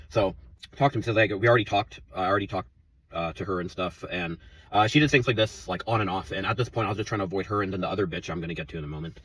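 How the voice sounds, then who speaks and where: A man's voice: lowish voice, sharp tone, husky, far from the mic, poor audio. A man in his twenties telling an angry, profane story about his workplace, rambling and heated. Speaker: vlogger.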